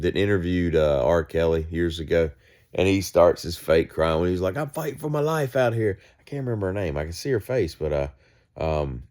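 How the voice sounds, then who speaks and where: A man's voice: sits low, darkish tone. A man hosting a daily solo monologue, rambling casually and drifting off his train of thought. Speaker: daily show host.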